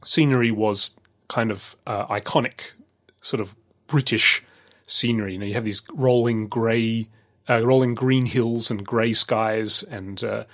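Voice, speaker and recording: A man's voice: lowish voice, steady tone, a little slow, fairly bright tone. A middle-aged man telling a travel story in casual chat, rambling with many fillers and restarts.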